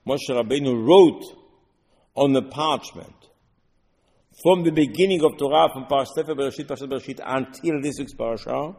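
A man giving a Torah lesson, explaining verses line by line in halting non-native English mixed with Hebrew. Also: mid-range voice, a little mellow, big-room sound. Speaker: Torah teacher.

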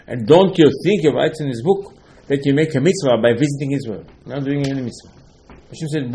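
A man teaching a religious lesson in slightly non-native English, emphatic and repetitive, with sharp swings between loud and quiet. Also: medium pitch, moderate pace. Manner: emphatic, repeats key points, swings between loud and soft. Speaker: rabbi giving a Torah lesson. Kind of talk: religious lecture.

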